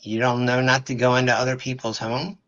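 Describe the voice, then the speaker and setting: A man's voice: mid-range voice, level tone, brisk, muffled recording, over a noisy crowd, natural voice. A man voicing an indignant possessed dwarf. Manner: indignant, scolding. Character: angry possessed male dwarf, ghost inside.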